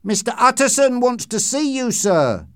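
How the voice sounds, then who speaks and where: A man's voice: on the high side, sing-song, unhurried, no room sound, studio quality, voice pushed up. A man voicing a frightened, long-serving male servant who speaks deferentially and anxiously. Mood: fearful. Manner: deferential, anxious, keeps saying sir.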